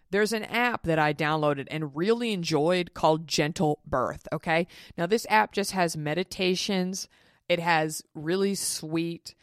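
Low-voiced woman in her 30s doing a solo podcast, chatty and blunt, swears a lot, dry close mic. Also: dry recording. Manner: chatty, frank and profane, with mimicked quotes. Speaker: podcast host. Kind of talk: casual solo podcast chat.

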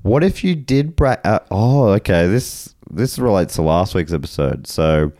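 This Australian podcast host has a deep, dark-toned voice that's very animated yet measured in pace. He reads out listener messages in a relaxed, chatty way, laughing easily. The recording is dry and studio quality.

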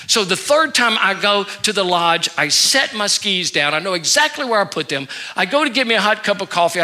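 A male pastor preaching a sermon, telling a story from his own life in an animated way. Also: sits high. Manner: animated storytelling, acting out his own anger then quiet remorse. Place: church sanctuary.

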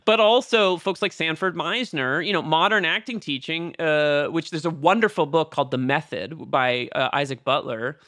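A man co-hosting a casual film discussion, animated and digressive, who sometimes acts out lines in a theatrical voice. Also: a little high, moderate pace, hardly any pauses, no echo, studio quality. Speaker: podcast co-host.

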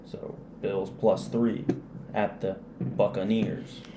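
A man's voice: fairly low pitch, takes it slowly, echoey room. Male co-host, casual rambling betting banter, noise behind him. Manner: joking, rambling, animated. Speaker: podcast co-host giving betting picks. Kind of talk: casual sports betting chat.

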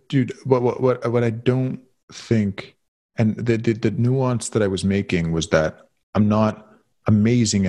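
A deep, husky man who is concussed speaks in a heartfelt, halting way. He stumbles and restarts often as he searches for words. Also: a little mellow. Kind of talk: emotional conversation.

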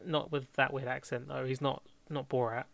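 A young man talks through script ideas in a loose, rambling way, often correcting himself and laughing. His voice is bright and forward, and the sound is close and dry. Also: mid-range voice, little pitch movement, moderate pace, gravelly, no echo. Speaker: fan script co-writer. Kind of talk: casual planning chat.

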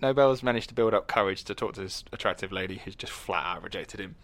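A man's voice: lowish voice, quick pace, a bit bright, no room sound. A young man co-hosting a podcast in casual, jokey chat, rambling and acting out quoted lines. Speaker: podcast co-host.

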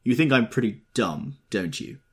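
A man reading an audiobook, voicing an arrogant, impatient wealthy man who talks roughly. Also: fairly low pitch, sing-song, moderate pace, exaggerated voice. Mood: brusque. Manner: rough, contemptuous.

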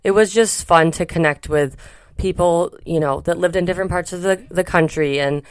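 A woman co-hosting a podcast tells a travel story in casual chat, rambling and chatty with lots of fillers. Her voice is fairly low in pitch at normal speed, recorded dry with clean studio sound.

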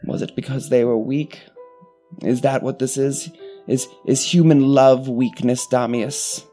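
A man's voice: mid-range voice, fairly even intonation, faint music behind, close to an everyday voice. A man voicing a very old grieving woman. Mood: questioning. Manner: soft, slow and sorrowful.

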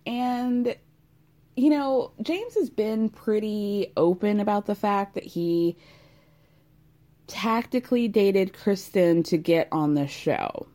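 A woman host talking casually, chatty and sardonic, with quick asides. Her voice is warm and mellow at a middle pitch. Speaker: podcast host recapping a reality show. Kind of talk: casual chat.

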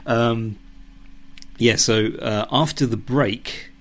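A man's voice: medium pitch, steady tone, slow, a bit bright. A man hosting a solo podcast, talking casually with hesitant fillers and reading his own story. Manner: hesitant, many ums and restarts. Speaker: podcast host.

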